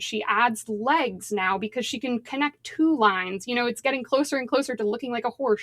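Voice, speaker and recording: A woman journalist speaking as a podcast guest, thoughtful and conversational, often pausing on "um" and "like". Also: fairly high pitch, bright, forceful tone, no echo. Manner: thoughtful, with frequent "um" and "like". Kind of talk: conversational interview.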